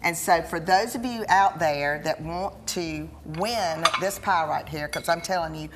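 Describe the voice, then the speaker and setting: A woman's voice: fairly low pitch, unhurried, noisy background. A woman hosting a cooking show in a studio kitchen, gushing with praise as she tastes and talks.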